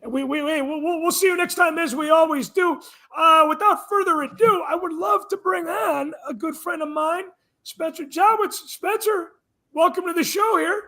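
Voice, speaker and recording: A man hosting a casual live-stream chat show, excitable and swearing freely. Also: very high voice, moderate pace. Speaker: host.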